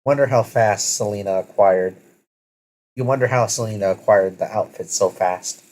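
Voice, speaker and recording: Low-voiced man narrating a story. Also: moderate pace, a little mellow, low-quality recording. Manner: self-correcting, casual. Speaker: story reader. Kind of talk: second-person story narration.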